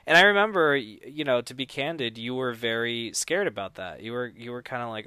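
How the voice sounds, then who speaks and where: A man's voice: mid-range voice, expressive, fairly quick, hardly any pauses, clean tone, no echo. A man talking casually on a podcast about making no-budget films, rambling with many restarts and acting out quoted dialogue. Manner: acts out quoted dialogue loudly. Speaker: podcast guest, no-budget filmmaker.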